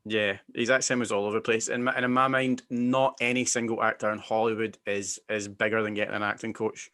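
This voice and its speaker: A Scottish man hosting a casual film chat, giving emphatic, animated opinions. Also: fairly low pitch, brisk. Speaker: podcast host.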